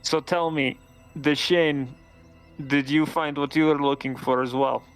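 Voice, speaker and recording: A man voicing a tired, wounded male werewolf hunter with a slight rasp and a calm, courteous manner. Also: on the high side, unhurried, soft background music. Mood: weary.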